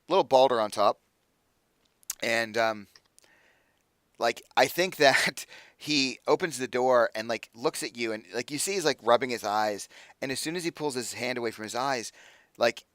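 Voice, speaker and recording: A man's voice: mid-range voice, a bit bright, dry recording. A young man narrating as game master, casual and loose, packing his talk with fillers. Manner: casual, filler-heavy with constant "like".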